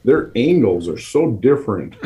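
A man who coaches college offensive line, guesting on a podcast, speaking in a halting way with repeated words and restarts. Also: mid-range voice, sing-song, mellow, lo-fi sound, slight background noise. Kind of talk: casual podcast chat.

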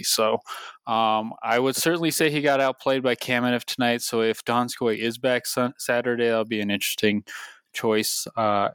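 Podcast cohost guy, smooth clear voice, dry sound, kinda rambly. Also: fairly low pitch, a bit bright, no echo. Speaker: podcast co-host. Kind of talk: casual sports analysis chat.

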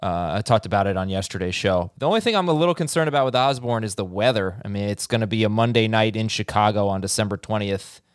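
A man's voice: lowish voice, lively intonation, fast, few pauses, smooth, no room sound, clean studio sound. A man hosting a sports podcast, steering the talk and handing off topics with light jokes. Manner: leads the talk, joking and direct. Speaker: podcast host.

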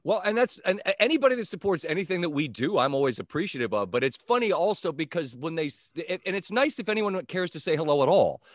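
Animated, wry male host. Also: on the high side, quick pace, hardly any pauses, no echo, clean studio sound. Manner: wry, chatty. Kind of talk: casual chat. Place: home, in a neighbor's yard.

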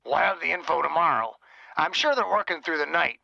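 A man's voice: fairly high pitch, animated, brisk, creaky, pushed and bright, dry recording, highs cut off, pitched above the performer's own voice, full character voice. A man voicing an easygoing male lab assistant who talks in a friendly, joking way.

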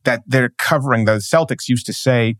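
A man's voice: mid-range voice, normal speed, a bit bright, no echo, clean studio sound. A man, a sports journalist, speaking emphatically as a podcast guest and building his points with repeated phrases. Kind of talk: podcast interview.

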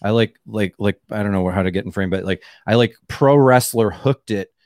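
A man chatting as a comedy guest in a rambling way, full of "like" and restarts. His voice sounds smooth and fairly low. The recording is dry and close. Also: moderate pace, a little mellow, no echo. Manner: rambling, many fillers and restarts. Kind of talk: casual chat.

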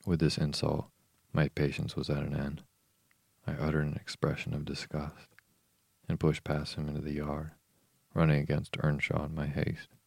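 Man reading a bedtime novel in a deep drone. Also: monotone, moderate pace, gravelly, breathy edge, dry recording. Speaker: podcast host reading a novel.

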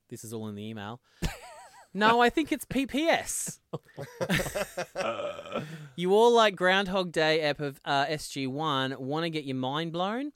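A man's voice: fairly high pitch, fairly bright tone, clear, resonant tone, no room sound, studio quality. A man co-hosting a podcast, reading listener mail aloud in a jokey way and laughing along. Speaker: podcast co-host.

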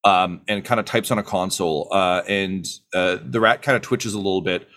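Low-voiced game master, halting. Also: male voice, steady tone, a bit bright. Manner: halting, lots of fillers. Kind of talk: narrating a tabletop game.

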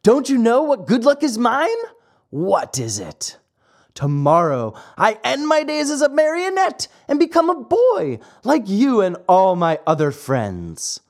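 A storybook narrator, slow and exaggerated, gives voice to an eager, dreamy wooden marionette boy whose speech keeps climbing into excited high cries.

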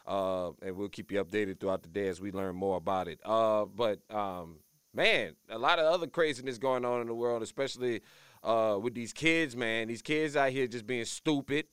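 A man's voice: on the low side, normal speed, a bit bright, clean tone, no room sound, studio quality. A man from Louisiana hosting a morning radio show, talking bluntly and ranting with jokes. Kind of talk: casual morning show chat.

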